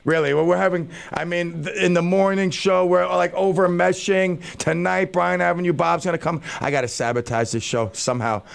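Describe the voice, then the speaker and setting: Radio host type: gravelly, a bit high-pitched man with playful, self-mocking chatter. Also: fairly even intonation, a little fast, hardly any pauses. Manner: joking, self-mocking banter. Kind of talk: casual radio talk. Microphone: studio microphone.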